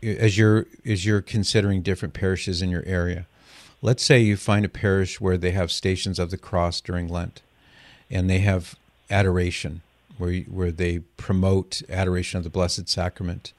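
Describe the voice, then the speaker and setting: Low-voiced male radio call-in host. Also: little pitch movement, moderate pace, dry recording. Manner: warm, reassuring, explanatory.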